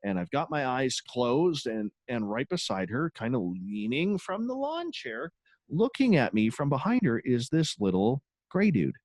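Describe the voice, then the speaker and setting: A man tells a personal story in a relaxed, candid way, his pitch rising and falling freely as he goes. He talks like a radio host who is used to the mic. The sound is close and dry, with no room around it. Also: measured pace, no room sound. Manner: animated, candid, swears casually. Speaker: guest, radio show host. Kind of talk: casual storytelling in an interview.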